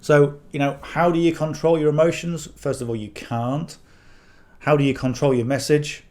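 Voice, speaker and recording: A man's voice: fairly high pitch, flat delivery, moderate pace, darkish tone. Rambling northern English man to camera. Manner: rambling, frequent "okay?" and "you know". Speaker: affiliate marketing coach. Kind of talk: casual talk to camera.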